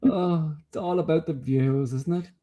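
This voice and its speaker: A man's voice: on the high side, a little slow, phone-quality sound. A man co-hosting a casual reaction chat, swearing, mocking and laughing often. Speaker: co-host.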